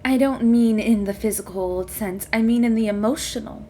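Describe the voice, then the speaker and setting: A woman's voice: fairly high pitch, moderate pace, warm tone, slight background noise. A woman narrating a tabletop game as game master, voicing the characters in a playful way. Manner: playful, plays non-player characters.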